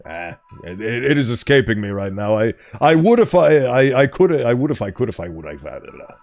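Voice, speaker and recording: A man's voice: mid-range voice, very animated, a little fast, a little mellow. Playful chatty streamer guy. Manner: playful, chatty, laughs often. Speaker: streamer playing a game. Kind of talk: casual gameplay commentary.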